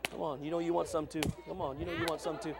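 A man preaching a sermon as pastor, folksy and repetitive, swinging from quiet talk to fervent shouting. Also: a little high, little pitch movement, very fast, vocal fry, crowd noise. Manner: folksy, repeats phrases.

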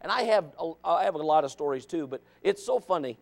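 A male pastor preaching a sermon, swinging between shouting and hushed softness, with stammering restarts. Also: a little high, lively intonation, fast, gravelly.

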